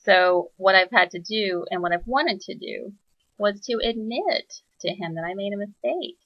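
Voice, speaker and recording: A woman hosting a reflective spoken monologue, soft-spoken and searching, pausing often with fillers as she thinks aloud. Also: medium pitch, expressive, dry recording, highs cut off. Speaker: spiritual teacher.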